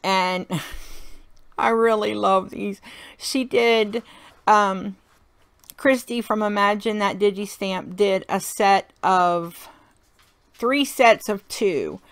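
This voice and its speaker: A woman's voice: mid-range voice, steady tone, drawn-out words, long pauses. Chatty woman narrating a crafting tutorial. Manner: chatty and folksy, laughs often. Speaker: card-making tutorial host.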